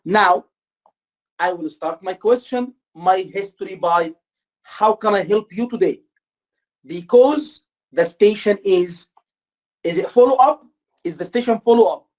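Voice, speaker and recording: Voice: mid-range voice, darkish tone. Tutor, native Arabic speaker, mid-range voice, repeats points, keeps checking understanding. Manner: repetitive, deliberate, checks understanding often. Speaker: exam-prep tutor. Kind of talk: online course lecture with role-play.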